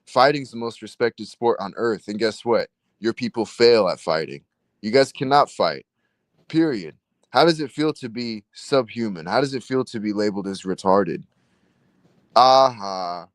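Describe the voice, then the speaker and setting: A man with an Irish accent debating online, trading slow, deliberate taunts and insults. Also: on the low side, expressive, dry recording.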